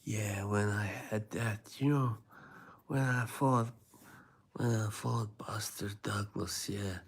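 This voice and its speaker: A man doing an impression of a famous heavyweight boxer, speaking in a soft, breathy half-whisper. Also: on the low side, steady tone, takes it slowly, heavily acted. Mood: reminiscing.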